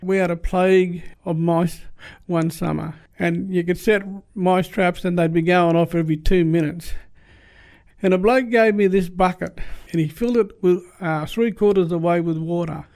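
A man preaching in a loose, chatty way, his voice pitched high but soft and mellow in tone. He circles back on his words and fills gaps with "you know" as he talks to the congregation. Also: steady tone, normal speed. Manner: conversational, repetitive, many "you know" fillers. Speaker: lay preacher giving testimony. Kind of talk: informal sermon.

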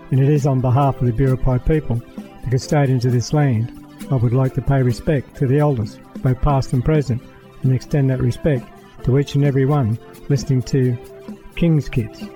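A man's voice: mid-range voice, fairly even intonation, normal speed, dark tone, rough recording. Formal man over background music. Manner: formal, respectful. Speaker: presenter giving a welcome. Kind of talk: formal spoken acknowledgement.

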